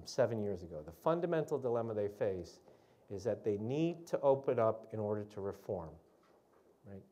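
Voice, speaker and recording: A man giving an explanatory public talk at a policy forum, measured and recounting events, with frequent "um" and "uh" and "right?" tags. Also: mid-range voice, dark tone. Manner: storytelling recollection of negotiations. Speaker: guest speaker at a policy forum.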